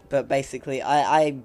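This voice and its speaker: A man's voice: mid-range voice, a little mellow. Man with a cracking voice, rambling. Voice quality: voice cracks now and then. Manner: rambling, chuckling, self-mocking. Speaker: gameplay commentator. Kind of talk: casual gameplay commentary.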